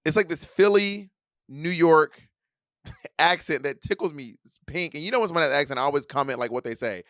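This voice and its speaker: A man's voice: a little high, brisk, fairly bright tone, no echo, clean studio sound. A man from the Atlanta area co-hosting a casual podcast over a video call, talking playfully and mimicking accents. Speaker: podcast co-host. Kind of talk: casual chat.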